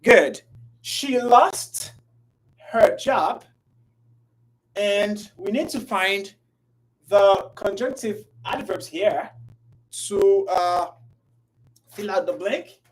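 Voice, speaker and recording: Slow, repetitive online English teacher. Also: medium pitch, breathy edge, rough recording. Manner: repetitive, drawn-out, talks to viewers by name. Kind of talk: live online grammar lesson.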